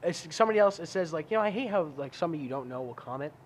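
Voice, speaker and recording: A man co-hosting a casual podcast chat, telling lively stories, acting out his own outbursts and swearing freely. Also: a little high, racing. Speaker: podcast co-host.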